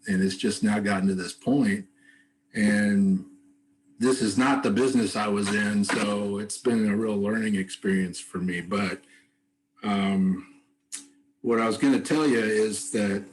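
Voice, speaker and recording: Low-voiced man, soft-spoken, halting speech, video call audio. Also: steady tone, rough recording. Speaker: songwriter and bereaved father. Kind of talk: casual talk on a video call. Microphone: computer mic on a video call.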